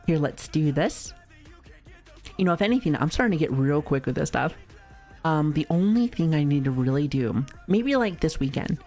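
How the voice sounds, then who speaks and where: A woman's voice: low-pitched, a little mellow. A woman streamer chatting casually with her viewers, playful and giggly, often laughing and swearing lightly. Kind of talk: casual live-stream chat.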